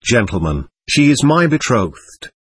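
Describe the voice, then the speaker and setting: A man reading an excitable, slightly drunk man under interrogation, who pleads nervously and repeats himself. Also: medium pitch, measured pace, slightly rough, no room sound. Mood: pleading. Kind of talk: audiobook reading.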